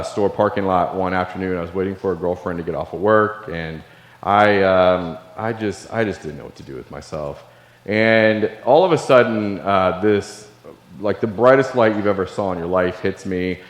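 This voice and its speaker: A middle-aged man from Illinois, a Navy veteran giving a keynote speech and telling a personal story in an earnest, confessional way. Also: on the low side. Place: large hall. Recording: echoey hall with long reverb.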